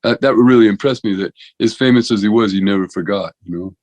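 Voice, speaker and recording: A man's voice: on the low side, fast talker, darkish tone, dry recording, low-quality recording. A man in his sixties, a veterinarian and comedian, telling rambling stories as a podcast guest, with lots of restarts and "you know". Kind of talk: rambling conversational storytelling.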